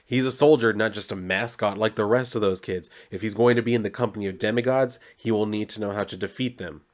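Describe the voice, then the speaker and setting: A man's voice: fairly low pitch, fast talker, natural voice. A man reading a cold stern vigilante mentor.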